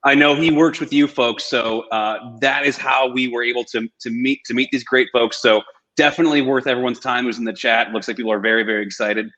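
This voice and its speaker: A man's voice: medium pitch, fairly even intonation, fairly quick, bright, forceful tone. A man hosting a webinar in an upbeat, joking, casual way over a video call. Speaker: webinar host. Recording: muffled video call audio.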